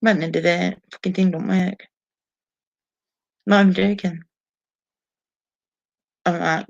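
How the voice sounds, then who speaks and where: A woman's voice: on the low side, fairly even intonation, slow, gravelly, long pauses, a little mellow. A woman hosting a casual live stream at home, chatting to viewers with frequent swearing and laughter. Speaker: live stream host reading viewer comments. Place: home, sitting alone. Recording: dull lo-fi sound.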